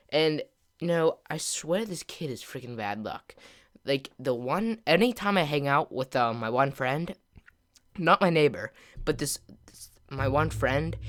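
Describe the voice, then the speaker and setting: Rambling young-sounding gaming host, smooth voice. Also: male voice, a little high. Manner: rambling, peppered with filler words and mild slang; grows louder and more excited as the story climaxes. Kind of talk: casual storytime over gameplay.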